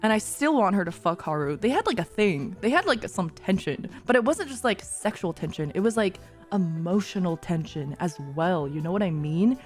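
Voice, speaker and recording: A woman streamer chatting casually while reacting to a show, gushing, giggly and excitable, with frequent swearing. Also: fairly low pitch, normal speed, faint music behind.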